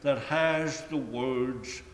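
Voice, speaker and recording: A man preaching a sermon in a deliberate, emphatic way, stretching key phrases and letting them fall away at the ends. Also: medium pitch. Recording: echoey hall with long reverb.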